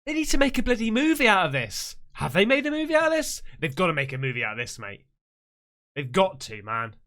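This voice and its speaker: A man hosting a reaction video, swearing and getting loud and panicky as he reacts. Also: high-pitched, wildly swooping pitch, fairly quick. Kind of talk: excited reaction commentary.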